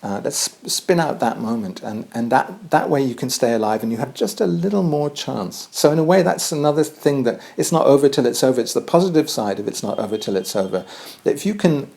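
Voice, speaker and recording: A man's voice: medium pitch, animated, fairly quick, creaky, mellow. Guy giving a loose talky lecture, lots of um and uh, goes off on tangents. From Edinburgh, Scotland. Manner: digressive, with many ums and restarts. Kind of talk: informal spoken lecture.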